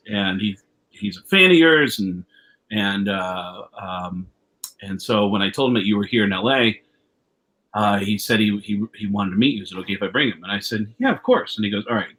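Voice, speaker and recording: Animated male storyteller on a video call. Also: fairly low pitch. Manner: animated storyteller, acts out quotes with raised voice; profane, rambling with many restarts. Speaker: comedian guest. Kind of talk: storytelling anecdote.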